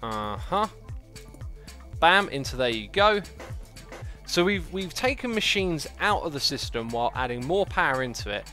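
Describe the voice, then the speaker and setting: A livestreamer playing a game speaks at a moderate pace in a fairly high-pitched male voice, with faint music underneath. His gaming chatter is loose and jokey, heavy on fillers, with bursts of playful excitement.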